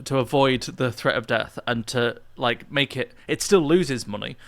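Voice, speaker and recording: A man's voice: medium pitch, gravelly, no room sound. Casting: man, podcast co-host, rambling casual chat with restarts, dry studio sound. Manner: rambling, halting with many restarts.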